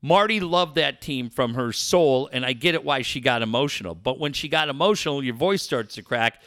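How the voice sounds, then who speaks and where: A man's voice: medium pitch, animated, brisk, sharp tone, dry recording, clean studio sound. A man hosting a talk show, ranting angrily and swearing constantly. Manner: angry, profane, ranting. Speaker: sports radio host.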